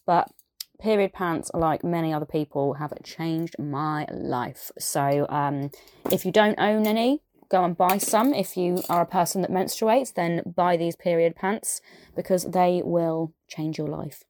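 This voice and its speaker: A woman's voice: fairly low pitch, unhurried, a little mellow, a little hiss or hum. A woman with a strong southern English accent, chatting casually and enthusiastically as a podcast presenter, with frequent fillers and asides. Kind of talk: casual chat.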